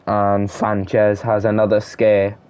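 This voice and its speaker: A man's voice: lowish voice, monotone, takes it slowly, clean tone. A young man giving casual play-by-play commentary on a football video game, reading off player names in short bursts. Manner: calls player names in short bursts, shouts at goals and chances.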